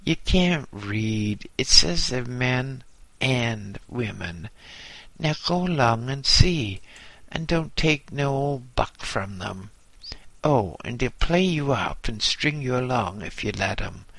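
A man doing a gruff old newsagent, a gravelly low voice with a husky edge, slangy and bossy, speaking slow, close and dry. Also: expressive, a bit bright, dry recording, heavily acted. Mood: blunt.

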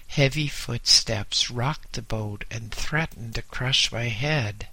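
A man narrates a first-person story with slow, grave drama. His voice has a bright, tense edge. The sound is dry and close, with no room around it. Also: medium pitch, husky, dry recording. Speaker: audiobook narrator.

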